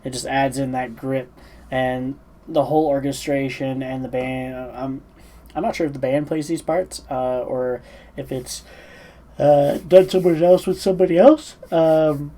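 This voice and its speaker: A man's voice: medium pitch, fairly even intonation, a little slow, dark tone, poor audio. A sleepy man giving casual reaction commentary on a song, talking in a rambling, hesitant way with lots of fillers and restarts. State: sleepy, yawning. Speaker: music reaction channel host.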